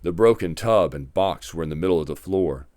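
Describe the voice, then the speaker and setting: A man narrating a fairy tale in a measured, dramatic storybook reading. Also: sits low, expressive, a little mellow, dry recording, clean studio sound.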